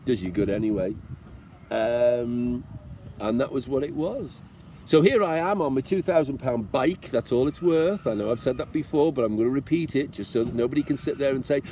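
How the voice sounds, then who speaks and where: A man's voice: medium pitch, moderate pace, warm tone, slight background noise. Chatty British man vlogging outdoors. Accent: British English. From Britain. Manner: chatty, encouraging, self-mocking, jokingly tearful. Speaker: motorcycle travel vlogger. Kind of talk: casual chat to camera.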